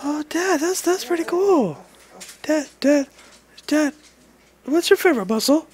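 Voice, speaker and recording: A man voicing his small child, asking her dad questions in a high, eager, squeaky voice. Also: lively intonation, unhurried, darkish tone.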